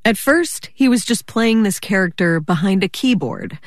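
A woman reporter reading scripted news narration in a measured, clear way. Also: mid-range voice, animated, no echo, clean studio sound. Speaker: radio reporter.

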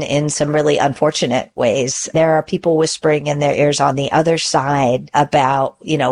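A woman's voice: very deep voice, a little mellow. A middle-aged woman answering interview questions as a guest lawyer, earnest and thoughtful with frequent fillers.

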